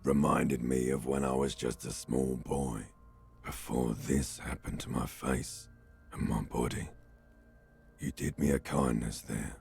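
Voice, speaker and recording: An actor voicing a scarred dead male mercenary in a game, speaking in a deep, gravelly, slow and teasing voice. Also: steady tone, a little mellow, soft background music, heavily acted. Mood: tender. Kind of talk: game voice acting.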